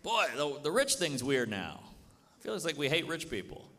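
An American comedian works the crowd during a wry stand-up set in a comedy club, speaking at a moderate pace in a sing-song voice. His delivery shifts from bright lines to low asides, recorded live with audience and background noise audible.

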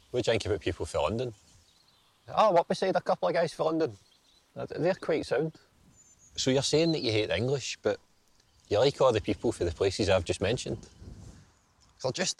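A man's voice: mid-range voice, breathy edge, no room sound. A Scottish man narrating a documentary in a wry, reflective way and acting out both sides of a conversation as he tells it. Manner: wry and reflective, acting out dialogue in his storytelling. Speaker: documentary presenter and spoken-word poet. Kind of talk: documentary narration and performed spoken word.

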